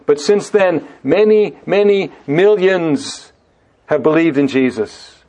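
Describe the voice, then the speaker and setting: A man's voice: a little high, lively intonation, a little mellow. A man teaching through a Bible passage in a sermon, drawing out key words and often rephrasing himself mid-thought. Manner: deliberate, stretching key words for emphasis. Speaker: preacher.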